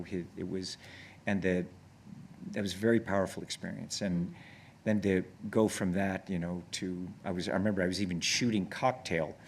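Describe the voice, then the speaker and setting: A man guest on stage, telling long rambling anecdotes with many restarts and growing excited as he goes. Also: sits low, slight background noise. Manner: grows excited and laughs when telling stories. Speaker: actor guest. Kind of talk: casual on-stage conversation. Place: on stage before an audience.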